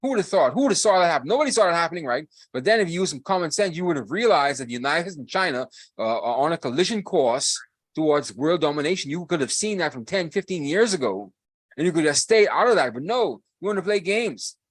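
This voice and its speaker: A man's voice: on the high side, expressive, fast, no echo. Guy ranting on a podcast, repeats himself a lot, dry close sound. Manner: ranting, emphatic, repetitive. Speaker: podcast co-host. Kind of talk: casual political talk.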